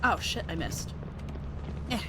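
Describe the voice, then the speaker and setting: A woman streaming a game, joking crudely and loudly with friends in casual chat. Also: slow, a little hiss or hum. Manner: crude, loud joking with frequent laughter.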